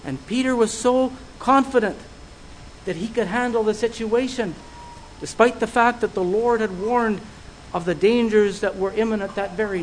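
A man preaching a sermon, earnest and measured, putting searching questions to his listeners. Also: high voice, a little hiss or hum, low-quality recording.

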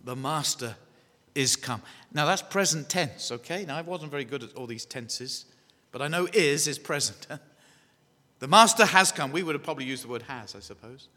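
An Englishman from England preaches an evangelistic sermon in a church hall, his medium-pitched voice sharp in tone and moving at a moderate pace. He repeats key phrases and puts questions to his listeners. The hall is echoey, with a long reverb.

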